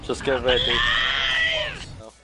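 A young man streaming a game with a friend, excitable and teasing, laughing often. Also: unhurried, raised voice. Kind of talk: casual gaming chat.

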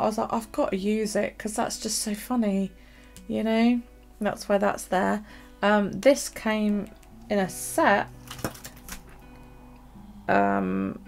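A woman chatting casually about her journal and her chores, rambling with many pauses and ums. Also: on the high side, gravelly, darkish tone. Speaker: journaling vlogger. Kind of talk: casual chat.

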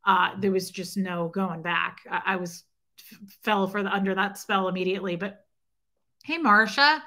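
A woman's voice: mid-range voice, moderate pace, bright, forceful tone. A woman hosting a livestream, telling a personal story in a rambling, emotional way and greeting chat viewers by name. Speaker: livestream host. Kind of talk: emotional casual livestream talk.

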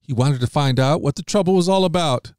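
A man reading Bible passages aloud as a podcast host, in a measured, steady manner that lifts slightly on quoted speech. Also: fairly high pitch, no echo, clean studio sound.

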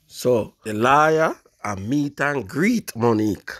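A man with a Jamaican accent hosting a casual commentary show, bantering lively in Patois. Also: mid-range voice, takes it slowly, no room sound, studio quality. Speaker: host.

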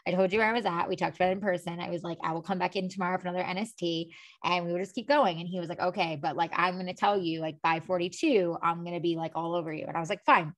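A woman's voice: fairly low pitch, steady tone, rapid-fire. A woman hosting a podcast, telling a personal story in rambling casual chat full of filler words. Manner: rambling storyteller, many "like"s and "you know"s. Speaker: podcast host.

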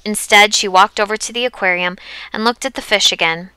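Bright, clear woman narrator. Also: medium pitch, fairly quick, no room sound. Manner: steady, even storytelling. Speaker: audiobook narrator. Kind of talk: scripted narration.

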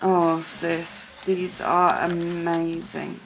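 Gushing, slow-talking woman vlogger. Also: lowish voice, monotone, noisy background. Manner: gushing, overwhelmed exclamations with stammers. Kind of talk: unboxing gifts on camera.

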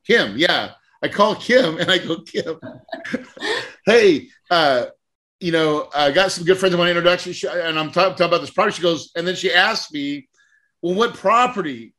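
Podcast host guy, bright punchy voice, super animated storyteller, plays out the conversations. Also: high voice, moderate pace. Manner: animated, acts out conversations, laughs often. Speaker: podcast host and real estate mentor. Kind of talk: lively storytelling in a podcast interview.

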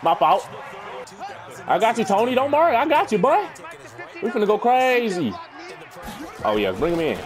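A man's voice: sits high, sing-song, normal speed, pauses often, crowd noise. Hyped young man trash-talking over a game. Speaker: gaming YouTuber. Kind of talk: live gameplay commentary.

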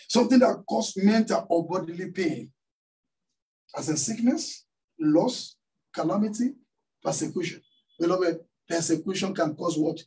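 A pastor preaching in church, his voice fairly high-pitched but mellow and dark in tone. He tells a story and keeps throwing questions out to the congregation, and he sounds set back from the microphone. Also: unhurried, long pauses, distant mic, rough recording. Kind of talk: sermon. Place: church hall.

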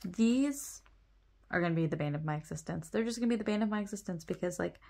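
A woman's voice: lowish voice, expressive, quick pace, vocal fry, warm tone, slight background noise. A young woman chatting casually while sorting her photocards, rambling, laughing often and correcting herself. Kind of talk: casual chat.

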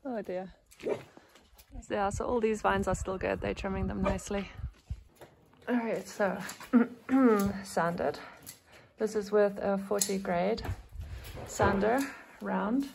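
A young woman talks slowly and chattily into a handheld phone outdoors, with a gravelly fry in her voice. She laughs often and calls out to her dog. Steady background noise runs under her voice. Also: medium pitch. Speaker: vlogger. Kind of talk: casual vlog narration while filming. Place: outdoors at a rural property with vines. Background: dogs barking.

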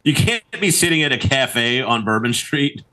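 Bright, lively comedian man chatting. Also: medium pitch, moderate pace, poor audio. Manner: playful, slides into silly exaggerated voices and laughs. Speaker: podcast co-host. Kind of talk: casual comedy chat.

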